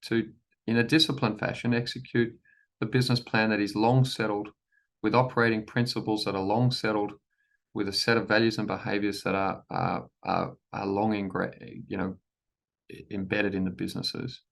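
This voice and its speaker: Gravelly man giving a shareholder presentation. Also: on the low side, level tone. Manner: measured, repeats key phrases, frequent restarts and ums. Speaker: company chief executive presenting to shareholders. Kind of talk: formal shareholder meeting presentation.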